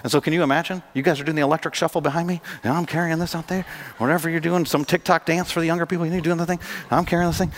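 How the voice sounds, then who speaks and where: A man preaching a sermon as pastor, animated and jokey, acting out scenes for his congregation in a church. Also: a little high, racing. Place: church sanctuary. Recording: long hall reverb.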